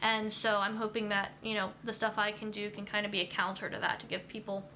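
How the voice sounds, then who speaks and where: A woman's voice: medium pitch, level tone, a little fast, bright, forceful tone, a little hiss or hum. A young woman hosting a casual live stream about nutrition, reading viewer comments and answering in a chatty way, with lots of ums and you-knows. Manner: chatty, many fillers like um and you know.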